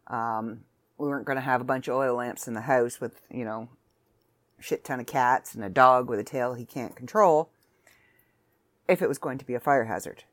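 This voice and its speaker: A woman's voice: extremely low pitch, moderate pace. A woman hosting a casual solo podcast from home, chatting in a rambling, self-interrupting way. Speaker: podcast host.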